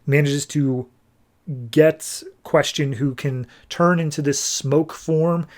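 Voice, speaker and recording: A man casually summing up a comic book issue for a podcast, tossing off quick loose voices for the characters as he goes. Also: a little high, fairly even intonation, a little mellow.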